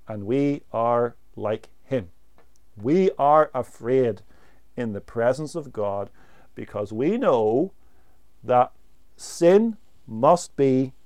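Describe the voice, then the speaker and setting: Male preacher, sermon, very slow and measured, smooth resonant voice, emphatic pauses. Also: mid-range voice, a little mellow.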